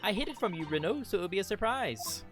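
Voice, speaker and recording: A man voicing a polite, gentle young woman who serves as an assistant. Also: sits high, lively intonation, quick pace, music in the background, pitched above the performer's own voice. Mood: polite, playful.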